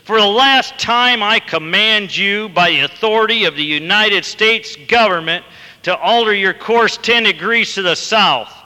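A man playing a proud navy captain who shouts orders over the radio, in a long-reverb hall. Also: on the high side, animated, slow, full character voice. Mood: furious.

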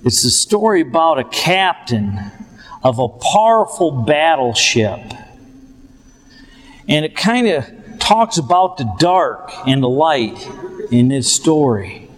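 Slow-speaking man preaching in a hall. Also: fairly high pitch, big pitch swings. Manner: slow, deliberate, asks the audience questions. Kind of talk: sermon storytelling.

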